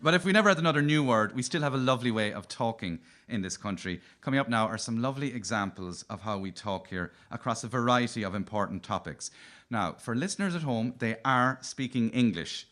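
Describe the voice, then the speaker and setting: A man's voice: mid-range voice, expressive, brisk, fairly bright tone. A man with a Cork Irish accent hosting a radio comedy show, telling wry, playful stand-up stories. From Cork, Ireland. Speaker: comedian host.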